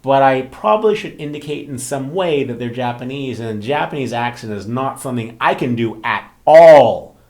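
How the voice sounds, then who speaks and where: Speaking at a normal speed with few pauses, this man has a mid-range voice. He's a romance author and channel host spinning an animated story in casual talking-head chat, full of fillers and acted-out quoted voices.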